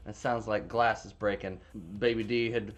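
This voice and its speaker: A man's voice: lowish voice, little pitch movement, moderate pace, lo-fi sound. A man casually retelling a movie plot in a rambling, profane, filler-heavy way. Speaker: movie reviewer. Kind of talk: casual spoiler recap.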